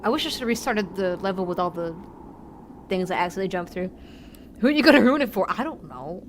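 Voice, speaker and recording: A woman streaming a game live, chatty and rambling, thinking out loud and easily moved. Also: mid-range voice, lively intonation, fast talker, a little hiss or hum. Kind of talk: live gameplay commentary.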